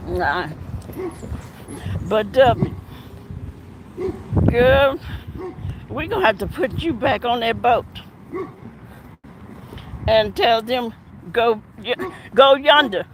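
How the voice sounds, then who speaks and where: A woman with a numb mouth talks slowly and casually while out on a walk, drawling through her points with laughing asides. Her voice sits high, and a phone picks her up over heavy outdoor noise. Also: lively intonation. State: mouth numb from dental work. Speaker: vlogger, former detective. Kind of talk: casual commentary. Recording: loud outdoor background noise.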